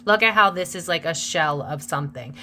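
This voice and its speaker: A woman's voice: low voice, a little fast, bright, forceful tone, a little hiss or hum. A young woman hosting a casual tarot reading, chatty and gossipy, calling her viewers besties. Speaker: tarot reader and channel host.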